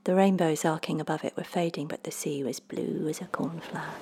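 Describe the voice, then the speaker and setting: A woman narrating a children's storybook, lively and voicing the characters. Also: sits low, brisk, few pauses, slight background noise. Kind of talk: storybook reading.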